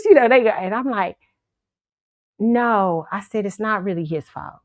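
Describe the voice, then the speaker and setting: A woman's voice: medium pitch, moderate pace, a little mellow, no echo. A woman hosting her own show, telling a story in a casual, profane way and laughing often. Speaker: show host.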